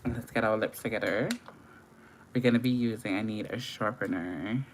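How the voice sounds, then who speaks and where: A woman's voice: rumbling low, moderate pace, a little hiss or hum. A young woman chatting playfully through a live makeup tutorial and greeting viewers as they join. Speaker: makeup livestreamer.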